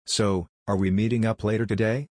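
A friendly, easygoing teenage boy ninja in a storybook reading, relaxed, voiced by a man with a deep, husky tone. Dry, close sound. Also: fairly quick, no room sound, close to an everyday voice.

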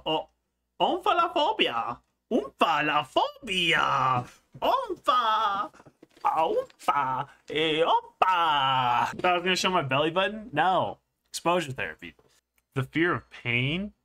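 A young man hosting a joking comedic commentary video, playful and jokey, often jumping into high squealing exclamations. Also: sharp tone. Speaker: streamer and video host.

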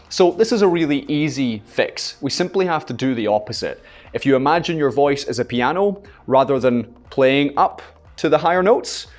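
A man's voice: medium pitch, lively intonation, moderate pace, faint music behind. A man with a Scottish accent, a voice coach giving a scripted talk to camera, showing rising and falling tone. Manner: clear, demonstrates falling and rising tone.

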